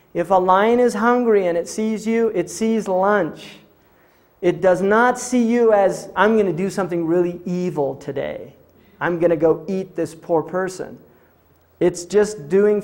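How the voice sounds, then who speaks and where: A man's voice: high voice, a little mellow. A man lecturing on religion to an audience, explaining ideas step by step, reciting scripture passages and posing rhetorical questions in a conversational tone. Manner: explanatory, defines terms and recites scripture in between.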